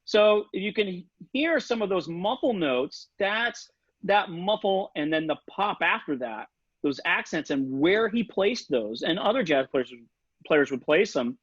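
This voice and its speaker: A man's voice: high voice, expressive, unhurried, a bit bright, breathy edge, no room sound. Man scat-singing in a dry online lesson. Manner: casual, sings rhythms and articulations with scat syllables. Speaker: saxophone instructor. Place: home setup for a virtual session. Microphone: video call. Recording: dull lo-fi video call audio.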